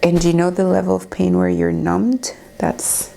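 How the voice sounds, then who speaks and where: A woman's voice: lowish voice, level tone, unhurried, gravelly, dark tone, faint music behind, poor audio. A young woman in her twenties vlogging at home to camera, talking candidly and nervously about the pain she is in. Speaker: beauty vlogger. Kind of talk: casual vlog talk to camera. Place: at home indoors.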